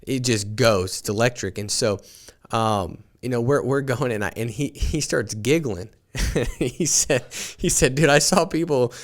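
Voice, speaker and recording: A man's voice: mid-range voice, a little slow. A man hosting a morning podcast, telling stories in an earnest motivational talk and often restarting with repeated words. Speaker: podcast host and sales team leader.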